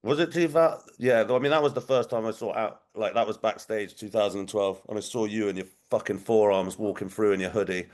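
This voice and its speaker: A man's voice: on the low side, quick pace, hardly any pauses, a little mellow. A British man hosting a casual chat who often stumbles over restarts and laughs a lot. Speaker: podcast host.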